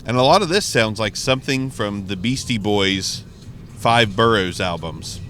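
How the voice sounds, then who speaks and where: A man's voice: lowish voice, lively intonation, unhurried, fairly bright tone, soft background music. A man talking casually and rambling about albums, swearing freely while driving. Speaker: music reaction vlogger. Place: inside a car.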